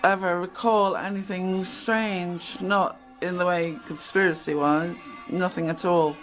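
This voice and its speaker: A woman's voice: on the low side, fairly even intonation, measured pace, faint music behind, rough recording. Blunt, chatty woman storyteller. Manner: chatty, blunt, acts out quoted exchanges. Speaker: channel host. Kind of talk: casual storytelling monologue.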